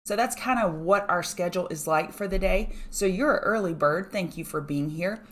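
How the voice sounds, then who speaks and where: Here a middle-aged market analyst hosts a live stream before the market opens. Her voice is lowish and heavily regionally accented, and she chats quickly, tossing greetings to viewers by name between chart remarks.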